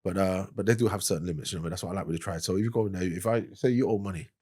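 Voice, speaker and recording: A man's voice: low-pitched, very fast, mellow, slightly rough. A man with a London accent telling a wild story from his past as a podcast guest, in loose street slang and laughing as he goes. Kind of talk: casual storytelling.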